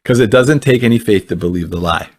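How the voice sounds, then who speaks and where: A man's voice: fairly low pitch, brisk, darkish tone. A man speaking earnestly in a conversational teaching style, often repeating words and restarting his phrases. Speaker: Christian ministry speaker.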